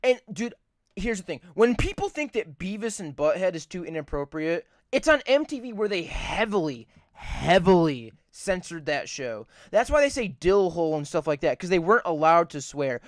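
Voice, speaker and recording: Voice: mid-range voice, very animated, moderate pace, dry recording, studio quality. A podcast co-host in casual chat, rambling and swearing a lot, repeating points for emphasis.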